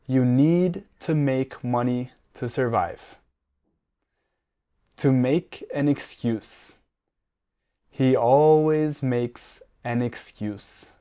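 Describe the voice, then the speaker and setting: A man teaching an English lesson at a very unhurried pace, pausing between short sentences. Every word is enunciated carefully so learners can repeat after him. His voice sits at an ordinary middle pitch. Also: warm tone. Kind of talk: slow, clearly spoken language lesson.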